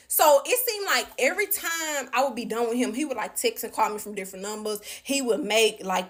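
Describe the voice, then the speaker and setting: A chatty woman recounts a bad relationship for her viewers. She is lively and talks straight to them. Her voice sits a little on the high side. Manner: animated, chatty, addresses viewers directly. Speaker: storyteller. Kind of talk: casual storytime vlog.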